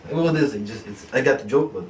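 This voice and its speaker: A man's voice: mid-range voice, fast talker, slight background noise. A man with a Canadian accent, an English teacher casually retelling jokes in his own words in a classroom. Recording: echoey classroom, distant mic.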